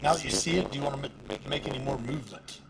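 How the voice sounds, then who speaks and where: A man's voice: medium pitch, very fast, over a noisy crowd, poor audio. A man narrating as game master in casual, filler-heavy speech. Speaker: dungeon master.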